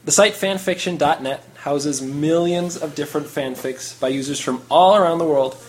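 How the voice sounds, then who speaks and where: Animated male podcast host reading aloud. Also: fairly high pitch, normal speed. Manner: laughs often, animated reading. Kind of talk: comedic dramatic reading.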